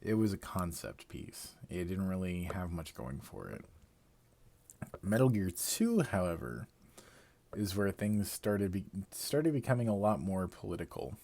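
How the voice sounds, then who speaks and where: Male streamer, lowish voice, casual and rambling, curses at his own slips. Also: sing-song, unhurried, gravelly, warm tone. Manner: rambling, casual, swears and laughs at himself. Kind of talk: live-stream theory commentary.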